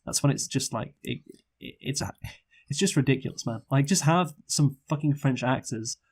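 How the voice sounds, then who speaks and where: A man's voice: medium pitch, moderate pace, darkish tone, husky. A man co-hosting a casual film review chat, rambling with many fillers and restarts and swearing freely. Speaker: podcast co-host, film reviewer.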